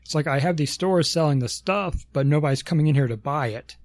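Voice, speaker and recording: A man's voice: fairly high pitch, fairly quick, no room sound. A man co-hosting a casual podcast, rambling through long explanations with lots of ums and self-corrections. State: has the hiccups. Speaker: podcast co-host.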